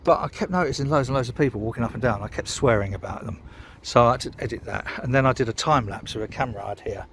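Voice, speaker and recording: A man's voice: mid-range voice, fast talker, hardly any pauses, a bit bright, slight background noise. Sweary, rambling British man ranting outdoors. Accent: British English. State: tipsy after a beer. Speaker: vlogger. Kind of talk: casual outdoor vlog rant. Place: outdoors by a canal towpath.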